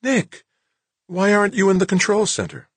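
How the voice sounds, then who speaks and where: A frightened young woman, voiced by a man in a raised, husky register, choked and pleading. Her lines are read in an audiobook style, close and dry with no room sound. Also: on the high side, moderate pace, a little mellow, no echo, voice pushed up. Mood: anxious. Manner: anxious, choking, pleading.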